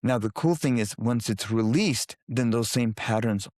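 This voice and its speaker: A man, a guest on an interview podcast, explaining his work with lively storytelling and acting out what people say. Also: medium pitch, moderate pace, no echo, studio quality. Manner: animated storytelling, acting out quoted voices.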